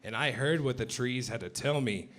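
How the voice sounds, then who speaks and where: A man doing stand-up comedy with mock-serious, deadpan preaching, on a club stage with a handheld mic. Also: mid-range voice, normal speed.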